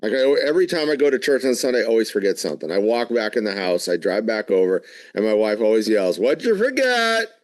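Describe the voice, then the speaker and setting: A man co-hosting a live Bible study, talking in an animated, emphatic way and asking lots of questions. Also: fairly low pitch, fast talker, few pauses, no echo. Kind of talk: casual Bible study discussion.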